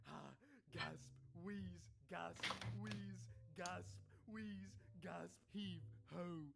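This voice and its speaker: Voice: medium pitch, fairly even intonation, extremely slow, creaky, very noisy, full character voice. A performer voicing a rowdy, absurd British bloke who talks like a pirate and rambles in gibberish, in a parody clip. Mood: manic. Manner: rambling gibberish, shouting slang.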